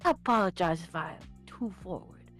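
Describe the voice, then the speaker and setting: A woman voicing a creepy middle-aged man who speaks in a smug, slow and overly formal way. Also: fairly low pitch, expressive, soft background music, natural voice.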